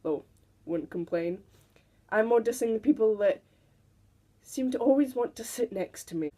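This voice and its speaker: A woman's voice: on the high side, animated, moderate pace, dark tone. A teenage girl telling stories to camera in a casual, giggly way, now and then mimicking people. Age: teens. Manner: chatty, giggly, mimics people in quoted voices. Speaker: vlogger.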